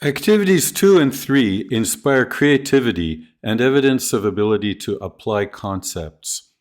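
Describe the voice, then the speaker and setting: Man, mid-pitch, scripted teacher-training narration; slows down to model example phrases clearly. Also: expressive.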